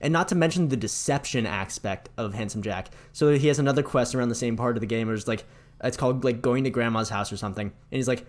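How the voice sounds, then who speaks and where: Speaking fast at a medium pitch, this podcast co-host chats casually about video games. He recounts game scenes with animation and does a mocking impression of a villain.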